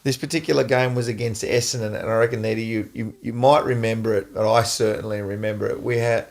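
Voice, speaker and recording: A middle-aged Australian man hosting a podcast, an animated storyteller who laughs often. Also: fairly low pitch, fast. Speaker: podcast host, former footballer. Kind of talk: casual storytelling chat.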